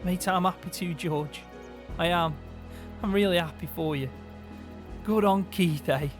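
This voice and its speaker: A young man, chatting in character during a farming game roleplay, friendly and quick to cheer. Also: high voice, soft background music. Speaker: roleplay player. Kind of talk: casual in-character roleplay chat.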